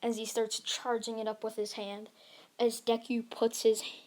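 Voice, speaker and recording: A woman's voice: a little high, monotone, normal speed, darkish tone. A woman narrating an improvised fan-fiction story, rambling along with frequent restarts. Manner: rambling, with many restarts and fillers.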